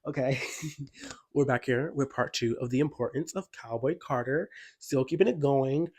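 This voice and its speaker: At a normal speed and with a slightly mellow, medium-pitched voice, a man reviews an album for his music commentary channel. He sounds chatty and excited, saying "like" constantly.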